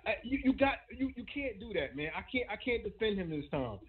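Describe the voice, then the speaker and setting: Angry cursing man, caller, high-pitched voice, tinny phone line. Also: big pitch swings. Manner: furious, profane, fast-talking. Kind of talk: angry call-in rant.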